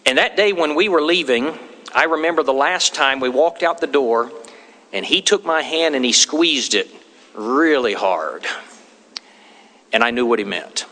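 In a church sanctuary with long hall reverb, a man preaches a sermon in a medium-pitched, expressive, pushed and bright voice, a little slow. He tells folksy, homey stories and quotes people using acted voices.

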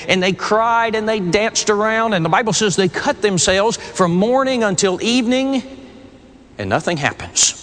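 A man with a fairly high voice preaching a sermon, earnest and conversational, stumbling over the first words of his phrases. His voice rings with a long reverb, like a sanctuary. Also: fairly bright tone.

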